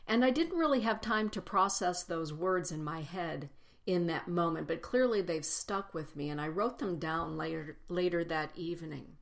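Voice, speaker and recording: A woman giving a personal spiritual talk to a congregation, speaking reflectively and building lists with slow, emphatic phrases. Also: on the low side, creaky.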